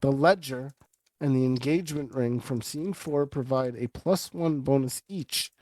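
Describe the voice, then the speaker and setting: A man as game master, narrating and explaining rules in a relaxed, conversational way. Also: mid-range voice, a little slow, low-quality recording. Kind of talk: running a tabletop game.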